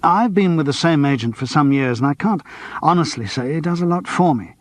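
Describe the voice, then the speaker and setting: A man's voice: fairly high pitch, expressive, fairly quick, no echo, pitched above the performer's own voice, lightly acted. A man voicing a struggling actor who speaks politely and hesitantly. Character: wry, struggling middle-aged male actor. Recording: dry close studio.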